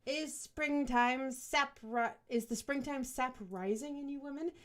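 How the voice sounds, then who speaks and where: A woman's voice: high-pitched, a little slow. Woman reading a mocking Viking chieftainess.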